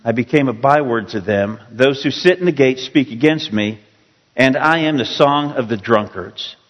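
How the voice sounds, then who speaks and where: A man preaching a sermon, reading scripture slowly and rising to pleading emphasis. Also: mid-range voice, animated. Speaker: pastor. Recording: long reverb of a large hall.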